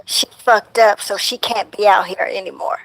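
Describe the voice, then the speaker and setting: A young woman, a guest on a talk show, telling a painful personal story in a halting way, full of fillers and repeated words. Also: medium pitch, steady tone, creaky, fairly bright tone, no echo, poor audio. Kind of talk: emotional personal account.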